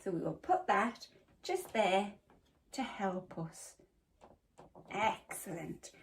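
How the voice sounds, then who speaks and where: A woman's voice: mid-range voice, lively intonation. A woman primary school teacher giving a phonics lesson to young children, encouraging and sounding out letters one by one. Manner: slow, sing-song, encouraging, sounding out letters. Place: home or classroom, recorded for home learning.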